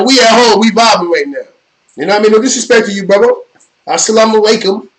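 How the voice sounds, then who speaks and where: On his live stream, a middle-aged New Yorker tells a long jail story, relaxed and unscripted. His voice sits high for a man, he talks fast, and he rambles in loose street slang, often checking in with "you know what I mean." The recording is rough.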